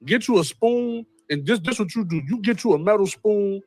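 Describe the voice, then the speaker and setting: Lively, expressive man hosting commentary. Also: high voice, moderate pace, no echo. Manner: animated, repeats a catchphrase, wry asides. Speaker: host. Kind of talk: casual commentary on a court case.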